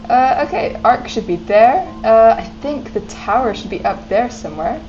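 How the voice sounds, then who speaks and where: A woman's voice: on the high side, lively intonation, normal speed, a little mellow, highs cut off. Young woman streamer, giggly chatty commentary, faint game music underneath. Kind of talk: casual gameplay commentary.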